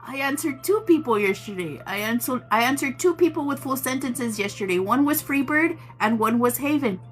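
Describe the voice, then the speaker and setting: A woman host chatting casually to her viewers, telling a story with animated quotes and laughter. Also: high-pitched, normal speed. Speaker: tarot channel host.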